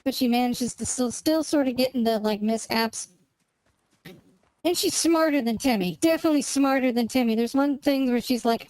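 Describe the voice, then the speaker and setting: On a low-quality recording, a gaming streamer talks at a moderate pace in a smooth, darkish voice on the high side. She chats casually as she plays, wandering off track and groping for the right words.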